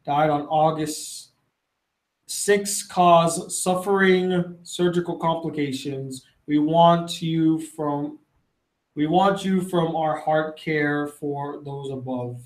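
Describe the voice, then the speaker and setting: A livestream host with a slightly high, steady voice speaks slowly as he wanders through viewers' questions in a casual chat. He swears a lot and keeps interrupting himself, recorded in an echoey room.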